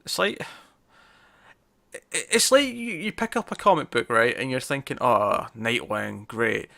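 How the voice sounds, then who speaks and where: Bright-voiced rambling man. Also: fairly high pitch, big pitch swings, normal speed. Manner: self-mocking, rambling, stumbles over words. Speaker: podcast host. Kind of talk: casual chat.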